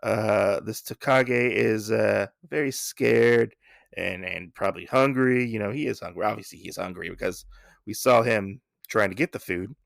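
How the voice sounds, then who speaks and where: A podcast host with a gravelly, creaky voice, chatting loosely through a comic recap, with plenty of stumbles and asides. The sound is dry and close. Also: male voice, on the low side, moderate pace, dry recording. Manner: rambling, many fillers and restarts.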